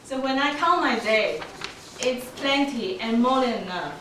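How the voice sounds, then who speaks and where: Woman in her 40s giving a club speech, slow, laughs a lot, echoey room far from the mic. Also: on the high side, a little hiss or hum. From Taiwan. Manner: laughs often, lively telling with small grammar slips. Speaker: club speaker. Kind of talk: prepared storytelling speech. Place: meeting room.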